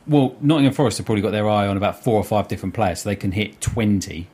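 A man's voice: fairly low pitch, very fast, a little mellow, breathy edge. A man co-hosting a football podcast, easygoing and self-mocking in casual chat. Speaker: podcast co-host.

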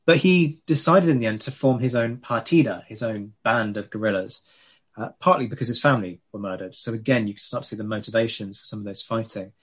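A man's voice: fairly low pitch, a little fast, breathy edge. A man explaining history in a casual podcast chat, chatty and self-mocking.

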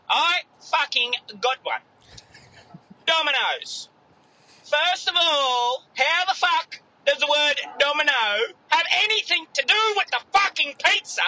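High, bright man ranting. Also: low-quality recording. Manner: crude, ranting, swears constantly. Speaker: caller with a gripe. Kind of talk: ranting voice message.

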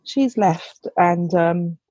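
A woman's voice: on the low side, very slow, mellow, slightly rough, no echo, highs cut off. A woman, a mother, telling a candid, chatty anecdote with some swearing and restarts. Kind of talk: casual anecdote.

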